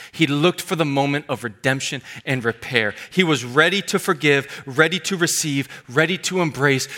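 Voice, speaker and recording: Male pastor, high and bright, fervent sermon delivery with hushed drops. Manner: swings from loud fervent preaching to hushed intimate delivery.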